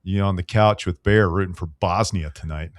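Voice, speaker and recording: A man's voice: sits low, steady tone, moderate pace, dry recording. A man hosting a sports radio show, ribbing his co-hosts with hyped-up banter. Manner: teasing, hyped-up needling. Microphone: studio microphone.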